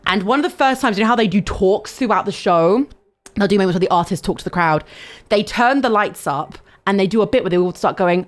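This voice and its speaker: A young woman streamer telling a long story in a casual, animated way, swearing and breaking into sudden high squeals. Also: fairly quick.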